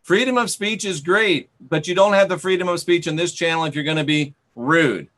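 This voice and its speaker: A man's voice: on the high side, fairly quick, a bit bright. A man hosting a live stream, reading viewer comments aloud and sarcastically scolding and banning rude commenters. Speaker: channel host.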